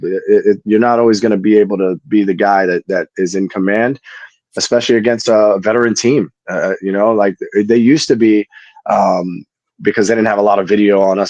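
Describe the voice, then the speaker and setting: Man, middle-aged, low pitch, dry sound, casual podcast guest, repeats words when starting sentences. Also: darkish tone, dry recording. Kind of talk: casual chat.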